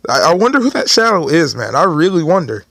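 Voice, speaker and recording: A man commentating casually over a story game, joking in a playful, animated way. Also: a little high, fast, dry recording. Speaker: gameplay streamer reading game dialogue.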